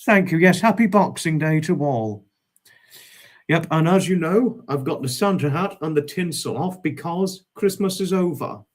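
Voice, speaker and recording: A man hosting a casual livestream, greeting viewers by name with fond, repeated hellos in a drawn-out way. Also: fairly high pitch, animated. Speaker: livestream host.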